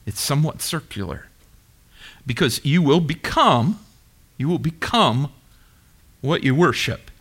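A middle-aged male pastor preaches with a lively, swooping delivery, pushing his congregation with questions and waiting for them to answer. His voice sits a bit high for a man and has a bright, forceful edge. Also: measured pace, pauses often, slightly rough. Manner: animated, emphatic preaching with call-and-response questions. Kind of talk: sermon.

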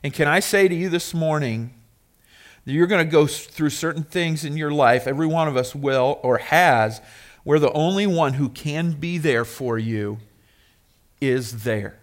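Guy preaching, talky and personal, gets loud then goes real quiet. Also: fairly high pitch, measured pace. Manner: conversational, rising to emphatic then dropping soft. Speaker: pastor. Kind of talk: sermon.

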